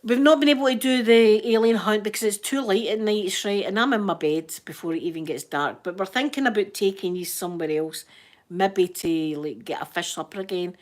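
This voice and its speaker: A woman's voice: medium pitch, a little fast. Chatty Scottish woman telling stories. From Scotland. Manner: chatty storyteller, laughs often, acts out quoted voices. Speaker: livestream host chatting to viewers. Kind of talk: casual chat.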